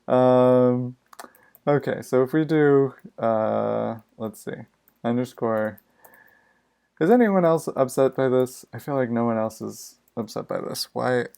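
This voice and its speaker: Male live-coding streamer, gravelly and unhurried, muttering and grumbling to himself. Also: mid-range voice, a little mellow. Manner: exasperated, muttering to himself, swears freely. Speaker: streaming programmer. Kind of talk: live coding stream, casual thinking aloud.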